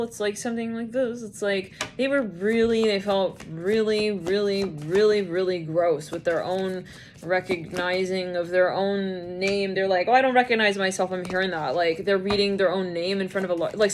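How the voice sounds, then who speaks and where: A woman's voice: medium pitch, steady tone, moderate pace, a little mellow, a little hiss or hum. Rambling woman giving a tarot reading. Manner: rambling, acts out imagined scenes in quoted voices. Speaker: tarot reader. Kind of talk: casual tarot reading monologue.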